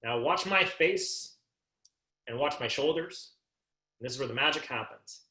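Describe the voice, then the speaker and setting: A man giving a live training talk to an audience, animated and jokey, acting out sample dialogue. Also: medium pitch, fast. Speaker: sales and business trainer. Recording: echoey room.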